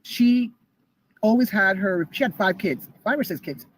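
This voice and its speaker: A woman's voice: mid-range voice, lively intonation, a little slow, slight background noise, low-quality recording. A woman in her fifties talking about her life in a rambling, hesitant way full of restarts. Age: 50s.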